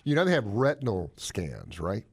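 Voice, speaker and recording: A man co-hosting a casual chat, explaining health news in a jokey, animated way. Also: normal speed, vocal fry, slightly rough. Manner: animated, jokey, swoops up in pitch for emphasis.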